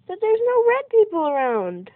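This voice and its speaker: A woman's voice: extremely high pitch, normal speed, dry recording. A woman giving casual let's-play commentary over her gameplay, exclaiming and yelping at every surprise. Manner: excitable, exclaims and yelps at in-game surprises. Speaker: gamer recording gameplay commentary. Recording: tinny phone-like dry recording.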